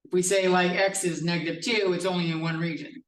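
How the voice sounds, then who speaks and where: A man's voice: sits high, flat delivery, brisk, slight background noise. A male math professor giving a classroom lecture, explaining step by step in a casual style with some swearing. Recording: echoey classroom from a distance.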